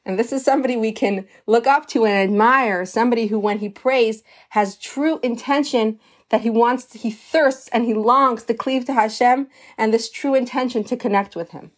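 Woman teaching torah, earnest and emphatic, slightly higher voice. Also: normal speed. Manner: earnest, emphatic, sprinkles Hebrew terms. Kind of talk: storytelling lesson.

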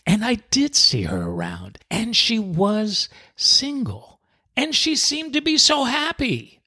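A man hosting a podcast, telling a story from his time as a cruise director in an animated, expressive way. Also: very high voice, slow pace, breathy edge. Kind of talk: storytelling monologue.

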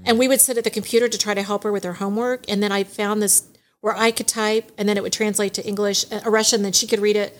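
A middle-aged woman guest on a podcast, telling family stories in an animated way and laughing often. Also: mid-range voice, quick pace. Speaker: guest, divorce mediation attorney. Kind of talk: casual podcast storytelling.

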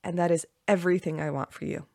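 A woman with a slightly low voice hosts her own podcast, talking with bright enthusiasm and slipping into excited quoted asides. The sound is dry and close, with no room around it. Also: fast talker, creaky, dry recording. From Canada. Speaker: podcast host. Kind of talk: solo podcast talk.

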